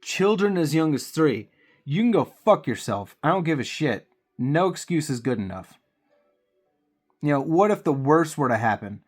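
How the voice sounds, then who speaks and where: A man's voice: on the high side, sing-song, normal speed. A man with a cold, venting heatedly and profanely while he paints miniatures on his channel. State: congested with a cold.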